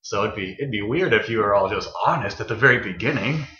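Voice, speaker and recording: Bright-voiced young man from Texas. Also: fairly low pitch, expressive, fast, echoey room, lo-fi sound. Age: young adult. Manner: rambling, self-correcting storyteller. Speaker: podcast co-host. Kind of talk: casual storytelling chat.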